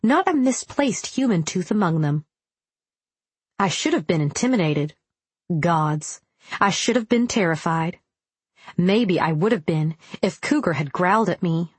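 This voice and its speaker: A woman's voice: fairly low pitch, animated, unhurried, husky, no room sound. A young adult woman reading a first-person audiobook with a wry, self-deprecating tone.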